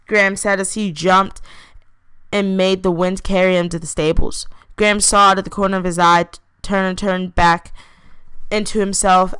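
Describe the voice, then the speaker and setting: Low-voiced woman reading her story. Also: level tone, fairly bright tone, smooth, no echo. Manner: plain, unhurried reading with self-corrections. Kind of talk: reading own fiction aloud.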